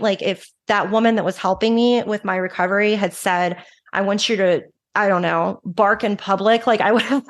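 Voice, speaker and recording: A woman in her thirties, a recovery advocate, telling her story frankly and emotionally in quick bursts with restarts. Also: mid-range voice. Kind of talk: candid personal storytelling.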